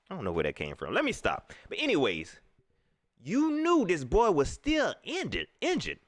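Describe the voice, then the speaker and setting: A man ranting in casual slang about football, repeating his points with animated emphasis. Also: sits high, moderate pace, no room sound. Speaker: sports vlogger. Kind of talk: casual sports rant.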